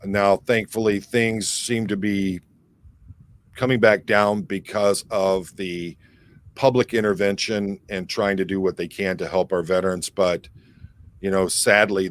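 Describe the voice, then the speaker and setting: A man's voice: deep voice, fairly even intonation, measured pace. Rambling man hosting a livestream. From Michigan, near Detroit. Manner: rambling, reads viewer comments aloud with many fillers. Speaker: livestream host reading chat. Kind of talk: casual livestream chat.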